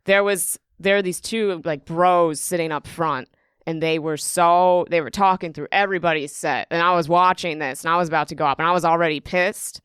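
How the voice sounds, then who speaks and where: Young woman comic telling stories on a podcast, bright clear voice, dry sound. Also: lowish voice, fairly quick, dry recording. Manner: animated storytelling, acts out quotes. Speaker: comedian guest. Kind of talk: casual podcast chat.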